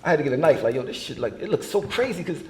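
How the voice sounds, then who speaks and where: A man telling stories in casual, profane conversation, animated and laughing as he goes. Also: fairly high pitch, very fast, slight background noise. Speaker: artist being interviewed. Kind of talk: casual storytelling chat.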